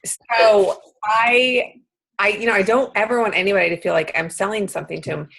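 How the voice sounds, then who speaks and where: A woman in her late thirties tells a story on herself as a guest speaker. She is animated and self-deprecating, and she laughs at her own missteps. Her talk is casual. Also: mid-range voice, rapid-fire, gravelly, slightly rough, low-quality recording.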